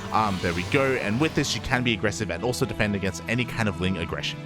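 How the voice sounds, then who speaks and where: Low-voiced male esports caster. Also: fast, over music. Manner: chatty, laughs often, many fillers. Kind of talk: live game commentary.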